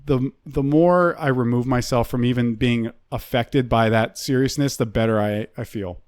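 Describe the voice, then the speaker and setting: A man's voice: medium pitch, moderate pace, darkish tone, no room sound, clean studio sound. A man, a comedian, talking through his views in loose podcast banter, swearing freely and often restarting his sentences.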